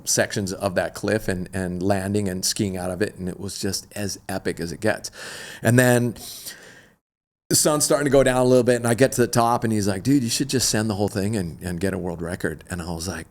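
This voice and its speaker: Gravelly man telling a slangy story. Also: on the low side. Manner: animated, slangy surfer-dude storytelling. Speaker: extreme athlete guest. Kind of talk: casual storytelling interview.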